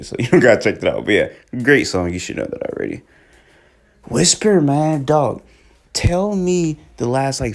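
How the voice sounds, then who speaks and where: A young man talking casually and excitedly about music as a reviewer, rambling in slang. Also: on the low side, vocal fry. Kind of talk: casual chat.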